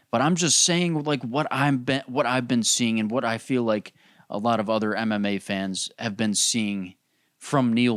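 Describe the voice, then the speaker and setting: A man's voice: mid-range voice, dry recording, clean studio sound. A man hosting a podcast, ranting casually in a rambling, profane way full of "dude" and "bro". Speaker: podcast host. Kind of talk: casual solo rant.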